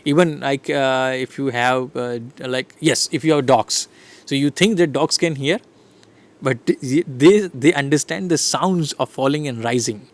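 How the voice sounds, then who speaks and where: A man's voice: mid-range voice, unhurried. A middle-aged man gives a recorded lecture, explaining slide by slide and checking in with "right?" and "fine". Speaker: English lecturer.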